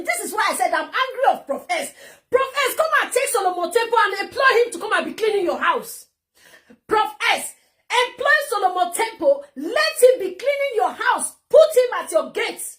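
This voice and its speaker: A woman with a Nigerian accent ranting heatedly into her vlog, mocking and repeating herself as she scolds. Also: extremely high pitch. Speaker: vlogger.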